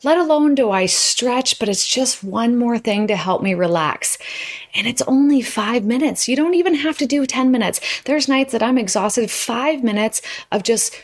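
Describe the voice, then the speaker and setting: A woman's voice: fairly high pitch, animated, normal speed. A woman giving a chatty, emphatic motivational talk to her viewers, exclaiming often. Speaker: host.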